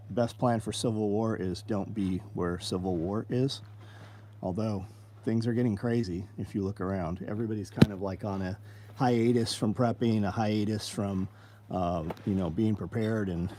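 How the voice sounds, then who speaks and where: A man with a lowish, mellow voice hosts a casual livestream, speaking a little slowly with fairly even intonation over a slight hiss or hum. He's blunt and rambling, swears a lot, reads out viewer names, and plugs gear.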